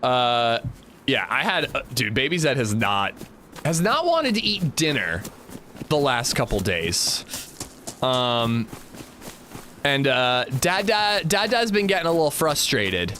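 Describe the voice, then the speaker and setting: Chatty, lively male game streamer. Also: medium pitch, slow, a little hiss or hum. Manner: chatty, greets chat by name, jokey. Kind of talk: casual livestream chat.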